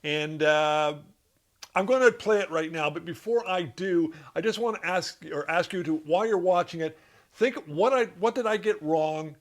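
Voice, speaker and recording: A man teaching comedy writing to camera, in an instructional talk with dry, deadpan asides. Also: a little high, normal speed.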